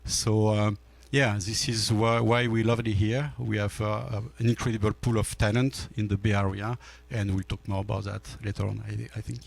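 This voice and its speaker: A man in his fifties from France with a French accent, giving halting panel remarks at a business forum with many fillers and restarts. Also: on the low side, level tone, vocal fry. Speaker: panel speaker, energy storage executive.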